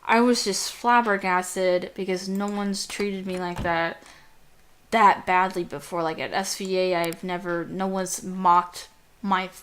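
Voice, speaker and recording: A woman's voice: on the low side, steady tone, measured pace, a bit bright, slight background noise. A young adult woman with a youthful, girlish voice, chatting and ranting casually over gameplay, easily distracted and swearing now and then. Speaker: gameplay commentator.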